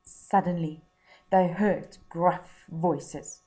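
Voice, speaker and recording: A woman from South Africa, a teacher, reading a children's story aloud and then setting tasks in a slow, encouraging way. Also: lowish voice, steady tone, warm tone.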